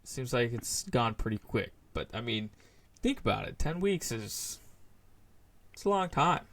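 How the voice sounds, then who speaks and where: A man's voice: medium pitch, very animated, unhurried, a bit bright. Laid-back young man co-hosting a podcast. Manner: laid-back, laughs often, trails off with fillers. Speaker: podcast co-host. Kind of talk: casual chat.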